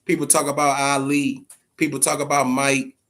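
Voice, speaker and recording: On his boxing channel's live stream, a man talks casually at a moderate pace in a mid-range voice. Animated and profane, he tags "man" onto the end of almost every phrase.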